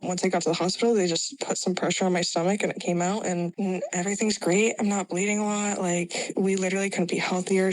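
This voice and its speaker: A woman's voice: medium pitch, rough recording. A young woman recounting her birth story in an emotional, rambling voice message, tearful and full of "like" and restarts. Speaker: podcast guest sharing a birth story.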